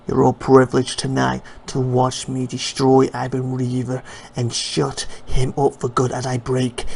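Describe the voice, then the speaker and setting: A man voicing a smug male wrestler who talks down to rivals slowly and quietly, sometimes in a whisper. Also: medium pitch, creaky, a little hiss or hum.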